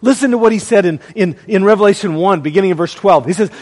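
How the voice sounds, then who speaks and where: A man preaching a sermon, calling out to the congregation and swinging between loud proclaiming and hushed, dramatic lines. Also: sits high, lively intonation, fast talker, big-room sound, background noise. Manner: calls to the congregation.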